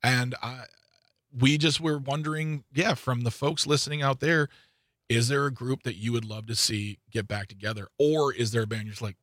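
A man hosting a talk radio show, bantering with his co-host in a playful, animated way. His pitch sits in a middle range but jumps upward when he teases. The studio sound is close and dry. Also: moderate pace, no room sound. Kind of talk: casual radio chat. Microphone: studio microphone.

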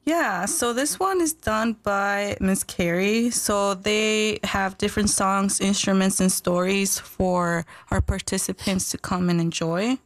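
A woman's voice: medium pitch, steady tone, unhurried, few pauses, no echo. A woman from the library speaking as a guest on a local radio show, explaining events in a friendly, informative way. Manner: friendly, informative, laughs easily. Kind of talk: casual radio interview.

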